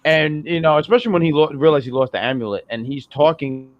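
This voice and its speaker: A man's voice: on the high side, quick pace, muffled recording. A man co-hosting a casual show recap, rambling through his thoughts with restarts and frequent laughs. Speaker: podcast co-host.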